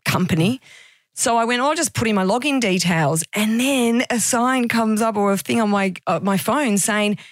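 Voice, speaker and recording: A woman's voice: a little high, normal speed, no room sound, studio quality. Self-mocking woman telling a story. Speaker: podcast guest. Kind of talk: casual storytelling.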